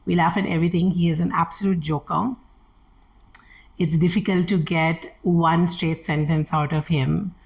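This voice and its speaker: A woman's voice: on the low side, normal speed, vocal fry, low-quality recording. A middle-aged woman telling candid family stories as an interview guest, acting out the dialogue she quotes. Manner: animated, acts out quoted dialogue. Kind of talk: candid personal storytelling.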